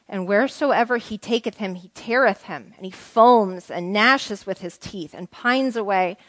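A woman's voice: medium pitch, unhurried, no room sound. A woman teaching the Bible to a small group in a conversational way, asking them questions and reading scripture aloud.

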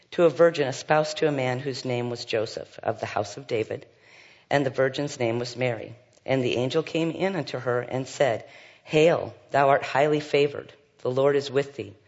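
A man leading a Bible study, reading scripture aloud and commenting with frequent fillers and asides. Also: mid-range voice. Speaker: Bible teacher. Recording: dull sound with long hall reverb.

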